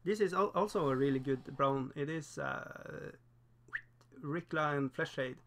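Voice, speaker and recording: A man with a Norwegian accent who speaks English as a second language, hosting a casual livestream while painting miniatures, chatty and self-deprecating, laughing often and pausing on fillers. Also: on the high side, fairly bright tone. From Norway.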